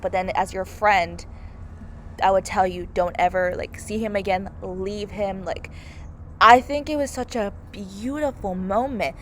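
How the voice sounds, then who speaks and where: Young woman gushing about a movie, lots of "like", mid pitch, faint hiss behind her. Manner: gushing, heavy use of "like" and "oh my God". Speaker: movie reviewer. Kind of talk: casual spoken movie review.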